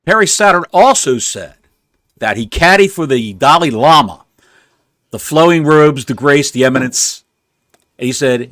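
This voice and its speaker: A male co-host chatting about wrestling news with a wry, storytelling manner. His pitch swings widely. The sound is close and dry. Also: expressive, measured pace, long pauses, fairly bright tone, no echo. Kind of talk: casual wrestling podcast chat.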